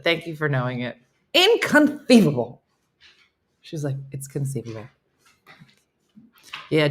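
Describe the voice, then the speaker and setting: A woman with a low, dusky voice hosts a relaxed morning livestream. She reads out viewer comments and chats about them, often poking fun at herself. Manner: chatty and self-mocking, breaks into laughter. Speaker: host of a morning livestream chat show. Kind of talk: casual live chat, reading viewer comments aloud.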